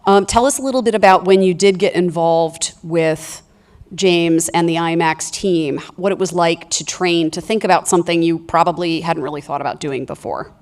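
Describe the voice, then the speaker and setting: A woman moderating a panel, asking long, measured questions. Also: fairly low pitch, darkish tone.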